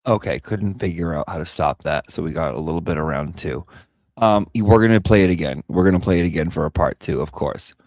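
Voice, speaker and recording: A man's voice: low-pitched, a little fast, a little mellow, dry recording. A man hosting a casual livestream chat, talking loosely with lots of fillers and restarts. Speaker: livestream host.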